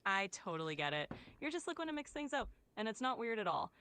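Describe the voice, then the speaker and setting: A woman's voice: on the high side, big pitch swings, fast, fairly bright tone, slight background noise. A woman's voice as an AI voice assistant, polite and soothing, calling the listener sugar and darling. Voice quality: polite, soothing, evenly friendly. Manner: claims a Southern drawl with pet names. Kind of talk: scripted assistant chat.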